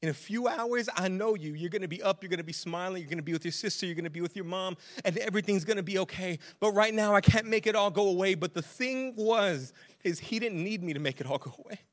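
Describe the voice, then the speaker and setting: A young adult man preaching a sermon as pastor, animated and casual, with slang. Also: sits high, fast.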